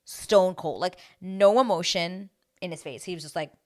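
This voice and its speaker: A woman's voice: fairly low pitch, moderate pace, a little mellow. A young woman chatting casually as a recap vlogger, gushing and exclamatory.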